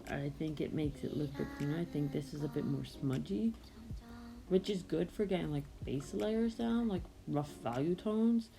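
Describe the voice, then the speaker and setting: Low, gravelly-voiced woman rambling casually. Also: moderate pace, rough recording. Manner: meandering, self-correcting, hesitant. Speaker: artist narrating a drawing video.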